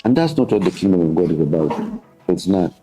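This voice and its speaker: A deep, husky-voiced Kenyan man in his thirties talks earnestly as a show host, weaving Swahili into his English. He leans on repetition to press his points. Faint music plays behind him. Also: very animated, fairly quick, mellow, poor audio. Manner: switches between English and Swahili; earnest, repeats words for emphasis. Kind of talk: casual reflective talk.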